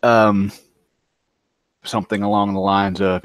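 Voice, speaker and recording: A man narrates his character's moves in a tabletop role-playing game. He speaks very slowly in a low voice, hesitating with frequent fillers, and the sound is dry and close. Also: dry recording. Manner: halting, many ums. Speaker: player.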